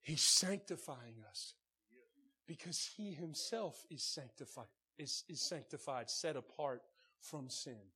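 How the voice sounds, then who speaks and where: A man preaching a sermon as pastor. He calls out to the congregation and swings from soft, low passages to shouted preaching. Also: lively intonation, slow, husky.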